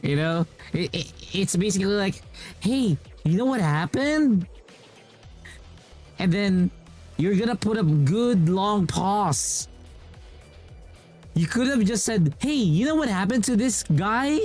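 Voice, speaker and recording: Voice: medium pitch, lively intonation, unhurried, a little mellow, faint music behind. A game streamer chatting casually while playing, rambling and acting out what other people say. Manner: rambling, acts out quoted speech. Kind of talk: casual chat while gaming.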